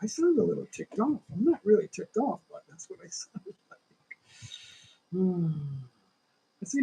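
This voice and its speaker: Gravelly high-voiced man in his sixties. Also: very animated, measured pace, long pauses, warm tone, low-quality recording. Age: 60s. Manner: rambling, opinionated, talks straight to chat. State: lingering cough. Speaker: livestream host. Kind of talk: casual livestream chat with viewers.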